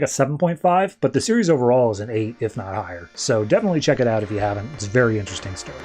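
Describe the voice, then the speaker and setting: Male podcast host, casual animated storyteller, average pitch. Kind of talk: casual comic book review.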